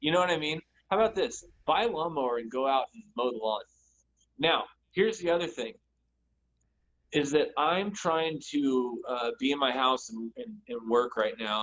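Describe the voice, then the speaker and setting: A man co-hosting a casual podcast from home, telling animated, exasperated stories while yard work goes on outside. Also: mid-range voice, lo-fi sound, slight background noise. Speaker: podcast co-host. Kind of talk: casual chat. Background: lawn mowing and sprinkler work.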